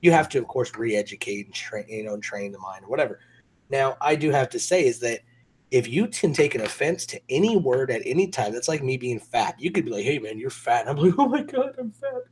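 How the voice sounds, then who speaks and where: A man's voice: medium pitch, brisk, husky. A man co-hosting a casual talk show, telling stories animatedly and swearing a lot. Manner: animated storyteller, swears a lot, acts out voices. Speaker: podcast co-host. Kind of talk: casual chat.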